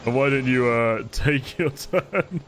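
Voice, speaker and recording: A man acting as game master, narrating a tabletop game scene in vivid, relaxed descriptive detail. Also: mid-range voice, measured pace, a little hiss or hum.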